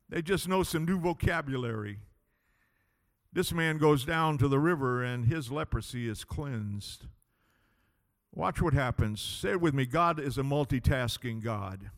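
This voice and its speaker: A man preaching a sermon as pastor, impassioned, swinging between loud declarations and hushed pleading. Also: medium pitch, animated, a little slow, big-room sound.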